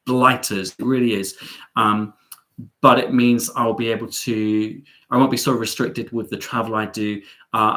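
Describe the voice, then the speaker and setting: A man's voice: on the low side, a bit bright. A middle-aged man hosting a live stream, chatting casually as he reads out viewer comments, with sarcastic, self-mocking asides and lots of ums.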